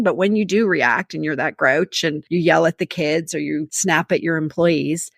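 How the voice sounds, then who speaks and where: A woman's voice: lowish voice, no echo, studio quality. A woman leadership coach, a guest on a podcast, giving advice in an emphatic, story-driven way. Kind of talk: conversational podcast interview.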